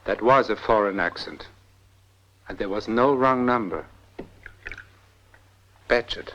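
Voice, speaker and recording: An actor playing a middle-aged industrialist in a film drama, mocking and irreverent, snapping orders in between jokes. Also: male voice, on the low side, takes it slowly, a bit bright, muffled recording, slight background noise. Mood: commanding. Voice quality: wry and mocking, abruptly commanding. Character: sardonic, irreverent, paranoid rich old man. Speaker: rich industrialist.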